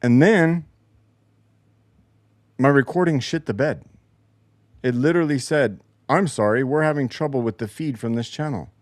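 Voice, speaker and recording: A man hosting a casual solo show in his home basement vents a profane, exasperated tale about a game recording that broke. As the podcast host, he has a mid-range voice with a darkish tone, recorded without echo.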